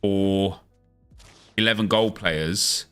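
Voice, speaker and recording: Bright-voiced chatty gaming streamer man. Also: sits low, clean tone, faint music behind. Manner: chatty, quick back-and-forth with viewers, hype intro energy. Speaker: gaming streamer and video host. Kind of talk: casual livestream chat and upbeat video intro.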